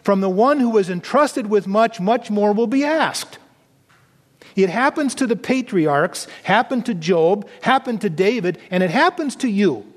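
A man preaching a sermon as pastor, earnest, dropping low and soft for emphasis. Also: lively intonation, unhurried, long reverb tail.

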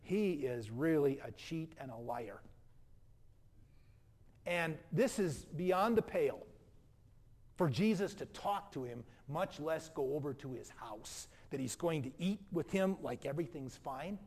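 Male pastor, higher-pitched voice, animated sermon delivery with acted-out quotes. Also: a little slow, slightly rough. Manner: animated preaching, acts out quotes.

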